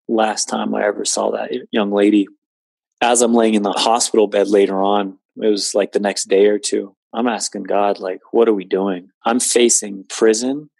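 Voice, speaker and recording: A man's voice: lowish voice, creaky, a little mellow, dry recording. A man in his late twenties earnestly recounting a personal story in conversation, with many fillers. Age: 20s. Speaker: guest telling his story.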